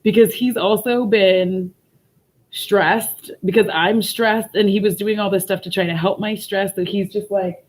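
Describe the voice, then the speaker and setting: A woman's voice: medium pitch, steady tone, a little slow. Woman livestreamer, tearful but laughing, loose and profane, casual chat. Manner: emotional, laughing through tears, swearing freely. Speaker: vlogger.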